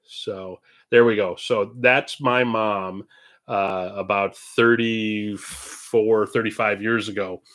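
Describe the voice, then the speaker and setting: Chatty parish priest with a bright voice. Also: male voice, fairly low pitch, fairly even intonation, slow. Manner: chatty and meandering, drifting between topics. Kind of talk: casual livestream Q&A. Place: indoors at home, own room. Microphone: computer streaming setup.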